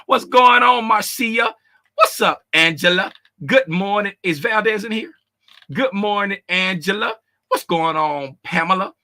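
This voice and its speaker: A man with a high, very bright and cutting voice runs a casual livestream, calling out chat names one after another. He talks loud and animated, slangy and conversational, laughing often. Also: slow. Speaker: trading livestream host.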